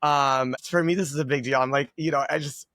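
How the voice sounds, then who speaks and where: A man's voice: a little high, fairly even intonation, fairly quick, bright, forceful tone, dry recording. A man chatting as a guest creator, gushing and upbeat, with lots of filler words. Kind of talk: casual chat.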